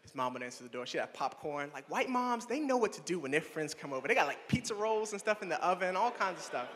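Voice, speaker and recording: On stage, a man in his twenties runs through a playful stand-up set, animated and talking straight to the crowd. His voice is high and quick, with slight background noise and a long hall reverb.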